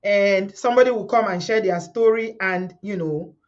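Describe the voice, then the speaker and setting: The host of a live community stream, a middle-aged Nigerian woman, talks fervently to viewers at normal speed. Her pitch is medium and the sound lo-fi. She repeats words and quotes the people she's describing.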